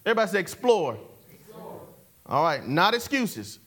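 A man preaches with a strikingly high voice, trading call and response with his listeners. He repeats his phrases, asks for an answer, and chuckles between points. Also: very animated, moderate pace, bright, forceful tone. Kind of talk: sermon.

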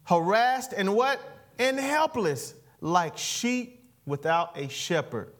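A male pastor preaching a sermon, playful and animated, constantly calling the congregation to answer "amen". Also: sits high, slow pace. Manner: animated, playful, calls for amens. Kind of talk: sermon with call and response.

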